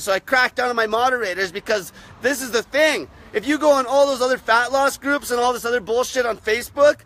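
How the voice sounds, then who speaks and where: A man's voice: very high-pitched, pushed and bright, no echo. A young man ranting to camera about dieting, blunt and aggressive, swearing constantly. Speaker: diet channel host. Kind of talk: profane rant to camera.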